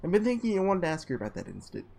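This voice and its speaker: A man with a slightly hoarse, under-the-weather voice reads a visual novel aloud with casual asides, sometimes tripping over and restarting words. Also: fairly high pitch, wildly swooping pitch, rapid-fire, background noise. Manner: casual, trips and restarts words while reading. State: voice a little sick, slightly hoarse. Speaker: let's player.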